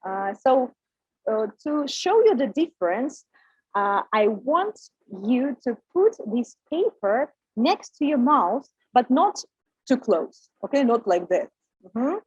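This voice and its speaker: Woman teacher, slow and halting, husky voice, dull dry lo-fi recording. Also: fairly high pitch, very animated, no room sound. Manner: slow, halting, many "uh" fillers. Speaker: pronunciation teacher. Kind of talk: recorded micro lesson.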